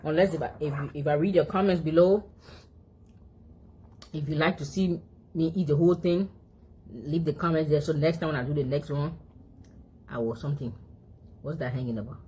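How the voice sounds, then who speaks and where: Low-voiced woman chatting while eating. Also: normal speed, long pauses, dark tone, breathy edge. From Africa. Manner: chatty, talks to her dog between mouthfuls, frequent chewing hums. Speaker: vlogger. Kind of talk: casual eating vlog chat. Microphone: phone.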